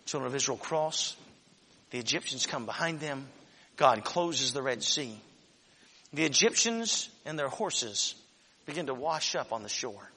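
A man preaching a sermon, acting out scripture and swinging from loud shouts to soft whispers. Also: mid-range voice, lively intonation, unhurried, slightly rough, big-room sound. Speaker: pastor.

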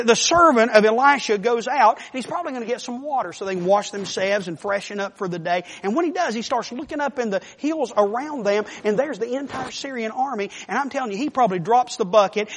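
A man preaching a sermon, telling a Bible story in an animated way and acting out the characters' voices. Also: very high voice, fairly quick, few pauses. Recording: long reverb of a large hall.

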